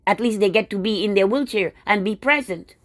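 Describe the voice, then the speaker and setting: A woman's voice: medium pitch, brisk, a bit bright, no room sound. A woman delivering a casual, indignant monologue straight to her viewers, full of sarcastic asides. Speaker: video blogger.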